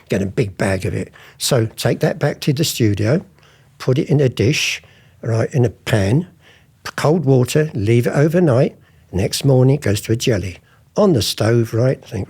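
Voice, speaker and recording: Gravelly older man telling stories. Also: medium pitch, a little mellow. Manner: chatty, acts out past conversations in different voices. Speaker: interviewee, former art forger. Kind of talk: anecdotal interview storytelling.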